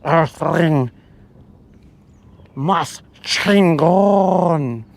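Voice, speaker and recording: Guy doing a goofy space alien dude, talks real slow and stretched out, kinda strange sounding voice, a bit higher than most guys. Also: vocal fry, full character voice. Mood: slow, curious. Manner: drawn-out, deliberate delivery.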